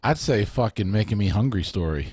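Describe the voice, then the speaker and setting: A man's voice: on the low side, lively intonation, brisk, a little mellow, breathy edge. A man co-hosting a casual podcast, blunt and emphatic with crude language. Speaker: podcast co-host.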